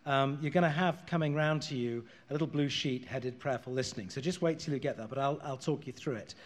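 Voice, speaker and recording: A man leading a prayer session, calmly instructing a gathering in a large room. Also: medium pitch, fairly quick. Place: large bright room with an audience. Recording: reverberant hall.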